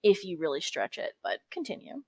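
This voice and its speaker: A woman's voice: lowish voice, wildly swooping pitch, a little fast, slightly rough, dry recording. A woman co-hosting a podcast in casual chat, talkative and profane, calling everyone girl. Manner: chatty, swears freely, calls everyone girl. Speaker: podcast co-host.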